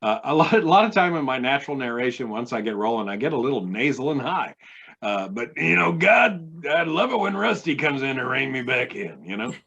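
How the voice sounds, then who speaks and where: A male co-host who is an audiobook narrator, chatting in a lively, jokey way. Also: mid-range voice, fairly quick, husky, muffled recording. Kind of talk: casual chat.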